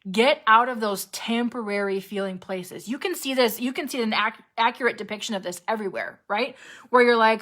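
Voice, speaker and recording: A woman health coach giving a casual, animated motivational talk, full of "right?" and "like", acting out panicky inner voices with sudden jumps in pitch. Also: normal speed.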